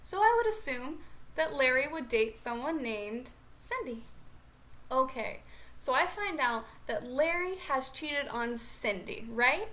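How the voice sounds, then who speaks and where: A young woman vlogger telling a funny story in a chatty, animated way. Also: high voice, measured pace. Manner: chatty, animated, lots of "like" fillers. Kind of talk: comedic storytelling vlog.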